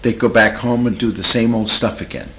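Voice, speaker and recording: A man's voice: lowish voice, brisk, slight background noise, rough recording. A Christian therapist, a man, tells a story from his practice in a folksy, earnest way. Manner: folksy, earnest, animated retelling. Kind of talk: storytelling talk.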